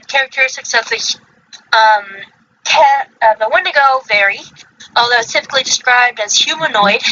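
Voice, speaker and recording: A woman hosting a casual livestream podcast, with a bright voice that sits a little high. She reads from her notes and trips over unfamiliar names. The audio is slightly muffled, with a faint hiss underneath. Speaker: podcast host.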